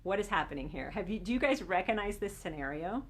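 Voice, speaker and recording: A woman's voice: medium pitch, lively intonation, quick pace, a little hiss or hum. A woman relationship coach giving an earnest teaching talk, explaining and asking her audience questions.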